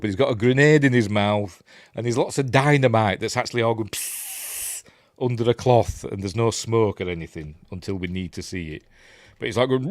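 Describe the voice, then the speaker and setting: Low-voiced Yorkshire man rambling through a film. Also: no echo, clean studio sound. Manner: rambling, self-correcting, chuckling. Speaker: film reviewer. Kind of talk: casual scene-by-scene film commentary.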